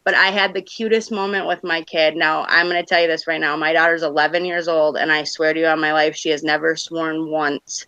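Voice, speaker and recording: A woman in her thirties hosts a casual livestream chat, rambling from one story to the next. Her voice sits low for a woman yet sounds bright and forward. The audio is dry and dull, like a lo-fi stream feed. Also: level tone, brisk, hardly any pauses, smooth, no room sound. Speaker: livestream host.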